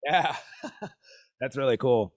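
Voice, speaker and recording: A man's voice: medium pitch, expressive, slow pace, slight background noise. A man leading a live-streamed group drum lesson over a video call. He is exclamatory, laughs often and counts the players in.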